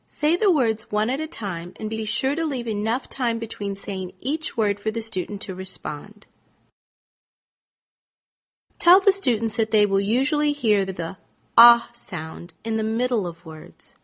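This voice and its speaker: A woman reading scripted teaching instructions as a reading teacher, sounding out vowels in a deliberate, drawn-out way. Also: on the high side, fairly bright tone. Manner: slow, deliberate, stretched-out vowel demonstrations.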